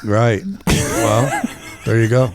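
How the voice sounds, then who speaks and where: A man's voice: lowish voice, little pitch movement, slow, a little hiss or hum. A man hosting a comedy podcast, telling stories in casual chat with frequent laughs and restarts. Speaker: podcast host.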